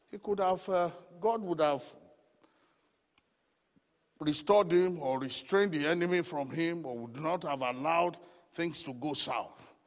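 A man teaching a Bible study in a lively preaching manner, with rising exclamations and playful asides. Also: mid-range voice, vocal fry, breathy edge, in a large hall.

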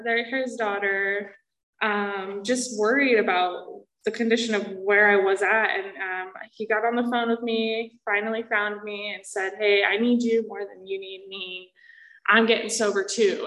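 A woman giving a candid personal testimony about recovery, speaking haltingly with many fillers and restarts. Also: medium pitch, fairly bright tone. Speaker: person sharing a recovery story. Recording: echoey room.

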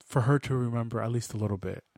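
A man's voice: medium pitch, fast talker, darkish tone, dry recording, studio quality. A man in casual podcast chat, retelling a film plot with restarts and acted-out dialogue. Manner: rambling storyteller, many restarts and acted-out dialogue. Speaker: podcast co-host.

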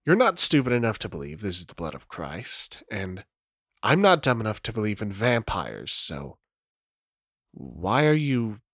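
A man voicing a nervous young vampire fledgling who speaks low and guarded in a solo tabletop game. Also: wildly swooping pitch, unhurried, a bit bright, dry recording, clean studio sound, heavily acted. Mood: hushed.

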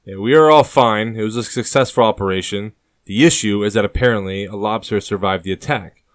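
A man voicing a large, scarred rebel fighter who speaks in a calm undertone, in an audiobook. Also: lowish voice, brisk, dry recording, clean studio sound, natural voice. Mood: matter-of-fact.

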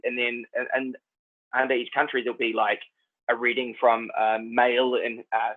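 A New Zealand man with a Kiwi accent, an actor chatting as a guest in a relaxed, rambling way. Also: medium pitch. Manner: laid-back, rambling, says "man" and "like" a lot. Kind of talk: casual chat. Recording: tinny phone-like line.

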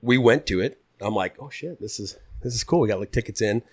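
A man in his thirties with a somewhat low voice tells stories as a podcast guest. He talks in a loose, casual way, swears freely and acts out the lines people said to him. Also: fairly quick, breathy edge. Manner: relaxed, swears freely, acts out quoted dialogue. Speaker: podcast guest, pilot turned putter maker. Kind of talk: casual storytelling.

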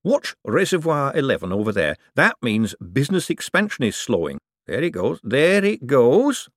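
A man voicing an eager, fussy little male bank economist who talks slowly and earnestly. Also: mid-range voice, sing-song, fairly bright tone, dry recording, studio quality, voice pushed up.

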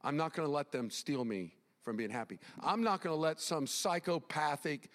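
A man preaching a sermon as pastor, emphatic and animated, repeating phrases as he builds his point. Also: fairly high pitch, moderate pace, in a large hall. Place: church sanctuary.

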